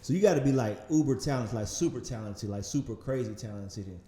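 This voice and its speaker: A man's voice: mid-range voice, fast talker, a loud crowd. Laid-back Southern man in roomy studio. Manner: relaxed, rambling, laughs often, says man a lot. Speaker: magazine founder, podcast guest. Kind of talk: casual interview conversation. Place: podcast studio.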